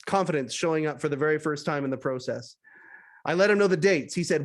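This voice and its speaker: A high-voiced man from western Canada reads his own essay aloud as a podcast host. He tells it with animated energy and drops wry asides to his listeners. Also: fast. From British Columbia, Canada. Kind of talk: reading a personal essay aloud.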